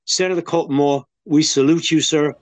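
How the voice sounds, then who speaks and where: A man's voice: a little high, steady tone, normal speed, no room sound. An older man co-hosting a talk radio show, talking in a folksy, rambling way with frequent restarts.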